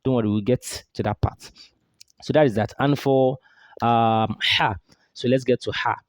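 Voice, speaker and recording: A man teaching Quran recitation, drilling throat sounds slowly with exaggerated demonstrations and quizzing his listeners as he goes. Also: medium pitch, fairly even intonation, no room sound. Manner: drills sounds slowly, asks and answers his own questions. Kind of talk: pronunciation lesson.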